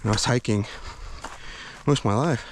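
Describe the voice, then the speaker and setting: A man talks through a casual walk-and-talk vlog on a forest hike, winded, hesitant and rambling, with frequent fillers and restarts. His mid-range voice moves at a normal speed over slight background noise.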